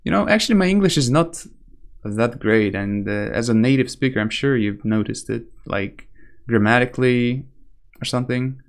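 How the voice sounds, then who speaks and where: A man's voice: mid-range voice, moderate pace. A young man from Russia with a light Russian accent, chatting casually on a live stream, rambling and correcting himself often. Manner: rambling, hesitant, self-correcting, casual swearing.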